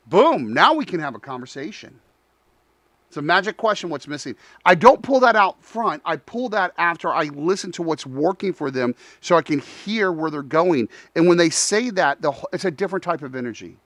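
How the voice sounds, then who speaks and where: A man hosting a talk show, telling a story in a lively, animated way, acting out both sides of a conversation and talking straight to his audience. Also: a little high, fairly quick, no echo. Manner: frequent restarts, addresses audience as y'all.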